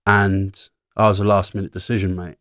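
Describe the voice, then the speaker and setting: A man from England talking as a podcast guest in a relaxed, plain-spoken way. His voice is fairly low, and it is recorded dry and close. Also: fairly quick, dry recording. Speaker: interview guest. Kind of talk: casual conversation.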